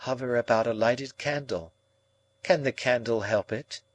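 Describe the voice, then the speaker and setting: A man's voice: medium pitch, unhurried, close to an everyday voice. A man reading a proud, cool young woman. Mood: dismissive.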